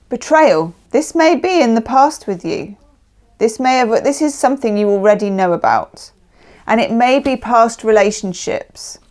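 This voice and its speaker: A woman giving a casual, chatty tarot reading, emphatic and often checking in with the listener. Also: medium pitch. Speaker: tarot reader.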